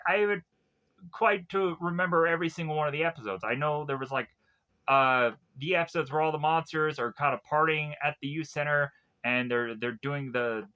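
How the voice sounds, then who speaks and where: Young man, TV episode reviewer, rambling recap, chuckling, high bright voice. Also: normal speed, clear, resonant tone, dull audio. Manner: rambling, lots of fillers, chuckles often. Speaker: TV show reviewer.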